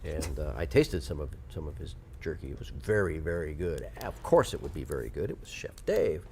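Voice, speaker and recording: A man co-hosting a live local morning show, chatting casually and teasing his co-host with quick questions. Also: extremely low pitch, sing-song, a little mellow, slight background noise. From Northern United States. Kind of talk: casual studio banter.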